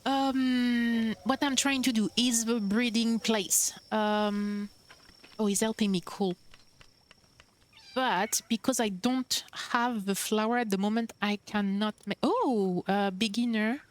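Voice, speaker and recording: A woman's voice: on the high side, fairly even intonation, slow pace. A young woman streamer chatting casually while playing, bubbly and cooing over cute creatures. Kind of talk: casual gameplay commentary.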